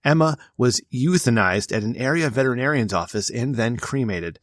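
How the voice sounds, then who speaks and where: A man's voice: mid-range voice, lively intonation, moderate pace, dry recording. Male podcast host, blunt and profane, reads news items aloud, dry close sound. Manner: blunt and profane, with loose asides. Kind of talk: casual chat and reading news stories aloud.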